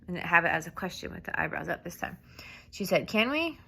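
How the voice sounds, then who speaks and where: A woman's voice: lowish voice, expressive, moderate pace, creaky, pushed and bright. A woman casually explaining how to sign a script, talking informally with many fillers and restarts. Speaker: sign language teacher.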